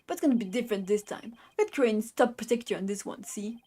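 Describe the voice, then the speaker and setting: A gruff male strongman with a put-on Brooklyn accent, as a woman puts him on for a game. He barks threats in a gangster drawl and ends his lines with "see?". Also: on the high side, lively intonation, fast talker, dark tone. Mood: gruff, menacing. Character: blustering middle-aged male tough-guy minister.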